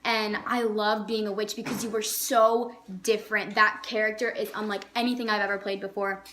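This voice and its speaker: Enthusiastic young woman with bright tone. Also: medium pitch, flat delivery, moderate pace, a little hiss or hum. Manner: enthusiastic, with frequent "like" fillers. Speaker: vlogger. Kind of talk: casual chat.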